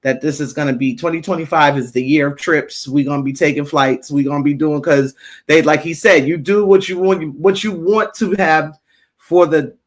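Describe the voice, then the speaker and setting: A woman's voice: sits low, moderate pace. A woman co-hosting a podcast, chatting casually and telling stories with laughs. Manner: laughing, animated storytelling. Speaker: podcast co-host. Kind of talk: casual chat.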